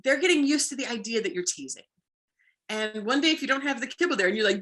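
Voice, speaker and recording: A woman dog trainer, a guest explaining play with dogs in casual chat, lively and full of "like". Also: fairly high pitch, fairly quick. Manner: lively, acts out playful bits with frequent "like".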